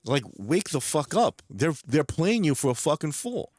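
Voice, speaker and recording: A man's voice: on the high side, sing-song, moderate pace, a little mellow, slightly rough, no echo. Fired-up New York guy on a stream, swears a lot, dry close sound. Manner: angry, profane, repeats words. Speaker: livestream host. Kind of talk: ranting livestream chat. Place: home streaming room.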